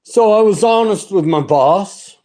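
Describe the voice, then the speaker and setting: A man's voice: high-pitched, unhurried, a little mellow. A middle-aged man giving a personal religious testimony, talking in an earnest, rambling and fervent way with many restarts.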